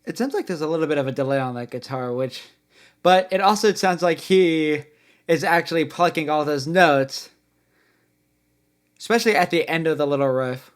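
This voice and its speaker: A man's voice: on the high side, moderate pace. A man hosting an album reaction, casually musing aloud about the guitar parts and lyrics he hears. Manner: musing, comments on guitar parts between songs.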